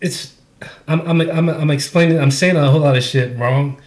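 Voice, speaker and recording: A man co-hosting a casual podcast, telling stories in a rambling, halting way with lots of profanity. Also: fairly high pitch, darkish tone. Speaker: podcast co-host.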